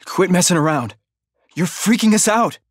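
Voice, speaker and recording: A man voicing a frightened young man who pleads and then shouts in panic, his voice swinging widely. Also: on the low side, animated, measured pace, no room sound, pitched above the performer's own voice. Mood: panicked. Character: frightened young man confronting a knife-wielding man.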